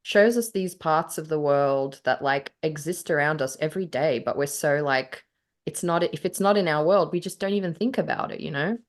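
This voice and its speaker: A woman's voice: sits low, normal speed. A woman who laughs often, chatting as a guest author on a podcast. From Australia. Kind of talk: casual podcast chat.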